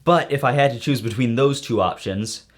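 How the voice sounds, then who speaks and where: A man's voice: mid-range voice, moderate pace. A man answering viewer questions in a casual vlog, rambling with goofy jokey asides.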